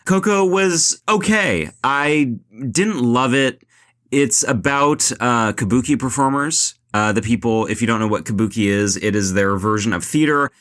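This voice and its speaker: A man's voice: mid-range voice, measured pace, a bit bright. A young man hosting a casual film podcast, retelling a movie in a rambling, joking way full of "like" and "uh". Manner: rambling, lots of "like" and "uh", jokey retelling. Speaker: podcast host.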